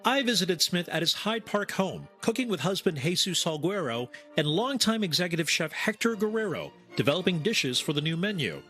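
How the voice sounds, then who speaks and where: A male food reporter voicing a news feature, his voice high and bright with a lot of swing in the pitch. He tells it with upbeat, playful storytelling. Soft music runs under him. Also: normal speed, few pauses. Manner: lively, upbeat storytelling delivery.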